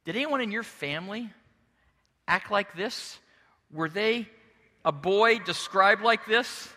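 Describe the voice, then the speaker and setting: A middle-aged male pastor preaching a sermon as an expressive storyteller who slips into character voices. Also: high voice, a little slow, in a large hall.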